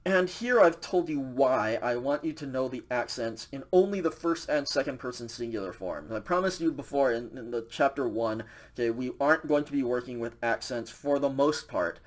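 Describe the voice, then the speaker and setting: A man teaching a recorded language lecture over slides, explaining casually with many fillers and a frequent "okay" check. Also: mid-range voice.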